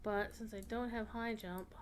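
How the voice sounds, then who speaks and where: A woman's voice: fairly high pitch, steady tone, moderate pace, slight background noise. A woman streaming a video game, chatting casually with her viewers. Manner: chatty, talks to her chat, swears casually. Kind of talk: casual gaming commentary.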